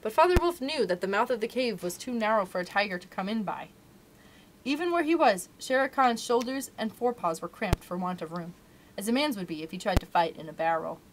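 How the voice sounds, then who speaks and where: A woman's voice: mid-range voice, fairly quick, a little hiss or hum, low-quality recording. Woman reading a storybook aloud. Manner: even, clear narration with voiced quotes. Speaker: library storyteller.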